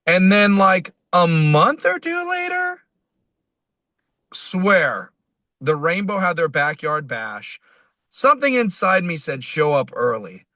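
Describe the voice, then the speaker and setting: A man, a singer-songwriter, telling a personal story as a guest in an interview, lively and quoting others as he goes. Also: sits high, takes it slowly, no echo. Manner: animated, quotes people in his stories.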